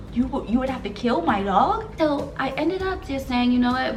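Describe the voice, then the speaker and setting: Young woman vlogger, earnest storytime, gravelly edge, echoey room a bit off-mic, faint music behind. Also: a little high, far from the mic. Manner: earnest, emotional, addresses viewers as y'all. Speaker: vlogger telling her story. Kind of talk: storytime vlog to camera. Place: home room.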